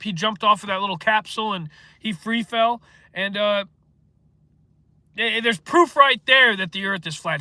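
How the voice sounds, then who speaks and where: A man's voice: high voice, sharp tone, dry recording. A man hosting a casual livestream, rambling and swearing as he answers chat comments. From northeastern United States. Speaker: livestream host.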